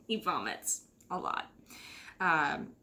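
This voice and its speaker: A woman's voice: lowish voice, big pitch swings, drawn-out words, pushed and bright. A middle-aged woman from the United States hosting her knitting podcast in a rambling, casual chat full of fillers and sighs. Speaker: podcast host.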